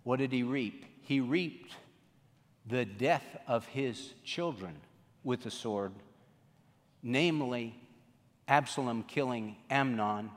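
A male pastor preaching a sermon, swinging between emphatic raised lines and hushed low drops. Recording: long hall reverb.

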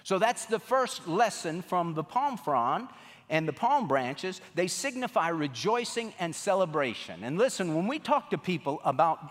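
Male pastor, animated sermon delivery, lots of reverb. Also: high-pitched, normal speed. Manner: animated storytelling preacher. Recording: long reverb of a large room.

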